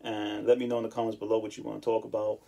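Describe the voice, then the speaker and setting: A man's voice: lowish voice, monotone, very fast, gravelly, dark tone. A man talking casually to his channel viewers, laid-back and chatty, often laughing and saying "you know.". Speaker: channel host. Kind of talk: casual monologue vlog. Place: home in Japan.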